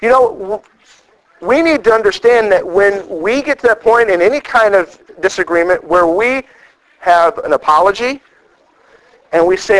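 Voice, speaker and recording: High-voiced animated male preacher. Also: normal speed, low-quality recording. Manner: animated storytelling, acts out quoted lines. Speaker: pastor. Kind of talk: sermon.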